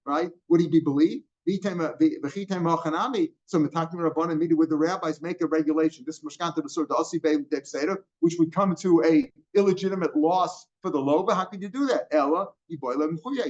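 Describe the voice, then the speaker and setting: An older man teaching Talmud line by line, his voice sitting a little higher than most men's. He explains step by step, sprinkles in Hebrew and Aramaic terms and keeps asking "right?" The recording is dull and lo-fi. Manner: explanatory, checks in with frequent rhetorical "right?".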